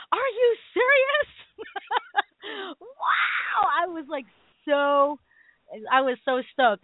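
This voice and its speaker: A middle-aged woman hosting a call-in radio show, telling stories in an animated way and laughing often. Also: fairly high pitch, no echo. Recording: tinny phone-line sound.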